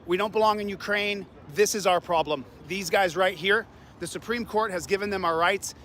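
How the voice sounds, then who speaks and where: A man's voice: sits high, moderate pace, bright, forceful tone, slight background noise. A man filming himself as an independent journalist, confronting and insulting police in a public parking lot with a combative, taunting manner. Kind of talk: street confrontation.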